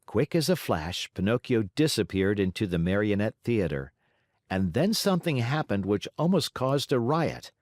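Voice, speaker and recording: A man narrating a classic children's story as an audiobook, in an expressive, varied delivery. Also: lowish voice, moderate pace, dry recording, studio quality.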